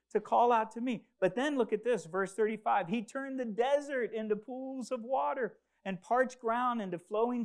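A man preaching a sermon as pastor, leading the church in call and response and swinging between loud declarations and low, hushed lines. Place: church sanctuary.

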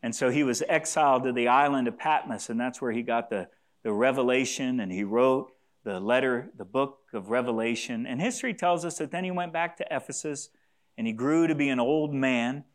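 A man's voice: medium pitch, brisk. A man preaching a sermon to a congregation, earnest and repeating key phrases for emphasis, sometimes asking listeners to say lines back to him. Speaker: pastor.

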